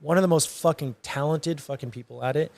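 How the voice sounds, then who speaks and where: A man in casual podcast chat as a chef host, swearing freely and telling stories with animated energy. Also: fairly high pitch, brisk, vocal fry. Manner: profane, animated storytelling.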